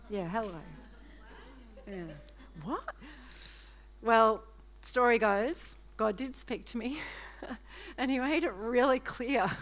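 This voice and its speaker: A middle-aged woman with an Australian accent, giving a chatty, self-mocking sermon testimony and laughing often. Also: medium pitch. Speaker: preacher.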